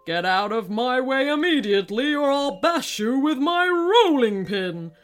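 A woman's voice: sits high, lively intonation, unhurried, soft background music, voice pushed up. A woman voicing a hot-tempered male bread king who shrieks and snarls in a storybook. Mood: angry.

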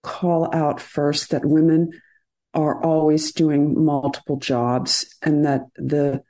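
A middle-aged woman surgeon, a podcast guest, explaining in an earnest, measured way with hesitant fillers. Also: sits low, level tone, mellow.

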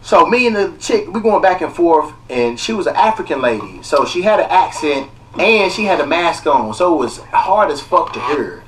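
A man's voice: a little high, moderate pace, hardly any pauses, distant mic, a little hiss or hum. Fired-up man telling stories, a bit off-mic. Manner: profane, animated, heated retelling. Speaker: podcast host. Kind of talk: casual storytelling chat.

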